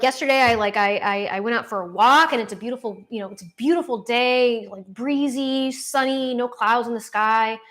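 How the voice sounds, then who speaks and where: With a mid-range, fairly bright voice, a young woman rambles on a casual livestream from home, her dog with her. She fills her talk with fillers and restarts, swears casually, and jokes at her own expense, all picked up by her laptop's mic.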